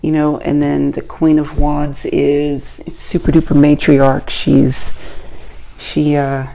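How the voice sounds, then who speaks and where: A woman's voice: deep voice, monotone, slow pace, creaky, dark tone. A woman hosting her own channel, giving a casual tarot reading in a playful, chatty way with self-joking asides. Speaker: tarot reader and channel host.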